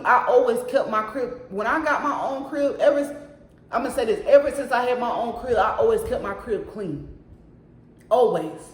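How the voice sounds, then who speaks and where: A woman telling a story from her own apartment in a casual storytime, talking emphatically and calling out to her viewers again and again. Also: fairly high pitch. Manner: emphatic, keeps addressing viewers directly. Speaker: storyteller vlogger. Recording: echoey room.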